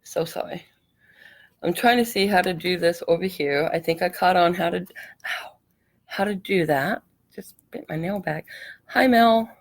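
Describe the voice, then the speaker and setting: A woman's voice: fairly low pitch, moderate pace. A middle-aged woman hosting a casual craft tutorial livestream, chatty and apologetic, a bit out of breath and coughing from allergies. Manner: chatty, apologetic, laughs easily.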